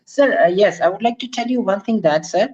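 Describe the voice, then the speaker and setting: A man's voice: high voice, animated, brisk, darkish tone. Guy guest speaker, polite, repeats stuff, muffled call audio. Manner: polite, repeats himself, says "sir" and "ma'am" often. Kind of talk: answering questions in an online lecture.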